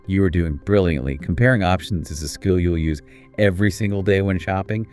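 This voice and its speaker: A man with a deep, low voice co-hosts a scripted English speaking lesson. He speaks in a clear, encouraging teacher's manner, with soft music faintly underneath. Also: fairly quick. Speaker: co-host of an English speaking course.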